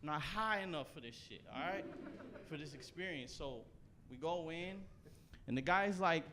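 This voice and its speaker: A young Canadian man performing a stand-up set, telling a loose, profane story with animated bursts. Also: on the high side, normal speed, background noise. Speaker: stand-up comedian. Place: comedy stage before a live audience.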